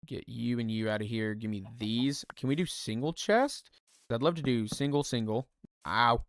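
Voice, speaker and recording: While playing a building game live, a streamer casually thinks aloud, makes fun of himself, and chats with viewers. His medium-pitched voice moves at a moderate pace with no echo, and music plays behind him.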